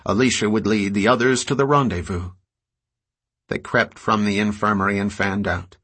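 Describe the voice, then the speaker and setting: A man narrating an audiobook in a measured, grave storytelling manner. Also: fairly low pitch, fairly even intonation, a bit bright, breathy edge.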